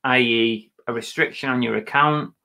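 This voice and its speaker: English man co-hosting a live stream, bright forceful voice, joking and a little sheepish. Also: medium pitch, moderate pace, vocal fry. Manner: self-conscious, joking, hesitant. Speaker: co-host of a reselling live show. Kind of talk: casual live-stream chat.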